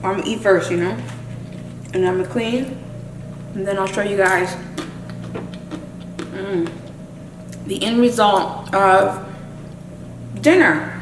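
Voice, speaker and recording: A woman chatting to camera while she cooks and eats in her home kitchen, savoring the food with long drawn-out hums. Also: medium pitch, echoey room, far from the mic, a little hiss or hum, low-quality recording. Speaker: lifestyle vlogger. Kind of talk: casual chat to camera while cooking.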